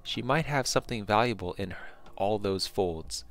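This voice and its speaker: A man narrating a second-person fantasy adventure in a measured way, with small slips and restarts. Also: fairly low pitch, a bit bright.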